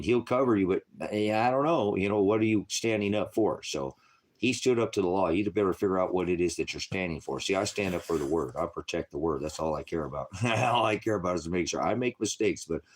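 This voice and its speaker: Blunt rambling man preaching. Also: deep voice. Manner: rambling, blunt, swings from quiet to loud and forceful. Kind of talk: informal livestream sermon.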